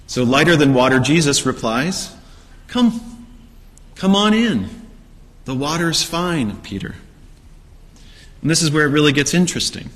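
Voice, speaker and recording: A man's voice: a little high, a bit bright. A man preaching a sermon, telling the story with rhetorical questions and acted-out quotes. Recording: long hall reverb.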